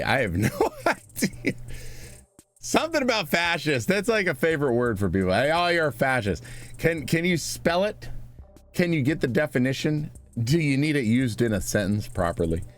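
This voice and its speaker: A man giving sarcastic, scornful reaction commentary, rambling and restarting as he mocks. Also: mid-range voice.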